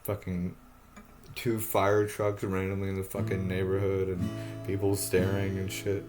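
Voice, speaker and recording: Agitated, swearing man over loud guitar. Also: deep voice, monotone, a little slow. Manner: agitated, profane, repetitive. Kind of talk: rambling self-recorded monologue.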